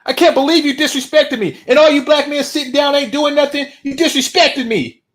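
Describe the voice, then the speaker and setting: A man mimicking a furious woman who shouts that she was disrespected. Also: steady tone, brisk. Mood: outraged. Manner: shrill, outraged, repeating herself.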